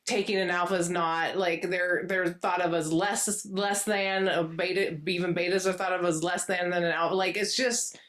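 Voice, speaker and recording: A woman's voice: lowish voice, steady tone, a bit bright. Agreeable woman podcast co-host. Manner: supportive, frequent quick agreement, fills in details. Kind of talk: casual book-discussion chat.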